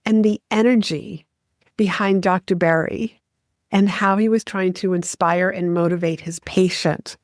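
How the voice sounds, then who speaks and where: Expressive woman hosting a solo podcast. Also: on the low side, measured pace, no room sound, clean studio sound. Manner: expressive, varies pace and tone for emphasis. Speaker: podcast host.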